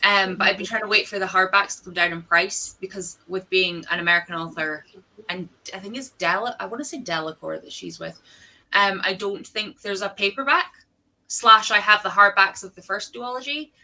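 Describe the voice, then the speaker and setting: A woman's voice: mid-range voice, normal speed, pushed and bright, rough recording. A young Scottish woman hosting a livestream, chatting casually with friends and reading out viewer comments. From Scotland. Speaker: livestream host.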